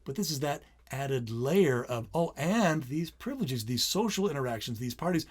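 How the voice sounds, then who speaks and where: A middle-aged man co-hosts a casual parenting podcast, talking animatedly and acting out his kids' lines in quick quoted bits. His voice is medium-pitched with a breathy edge.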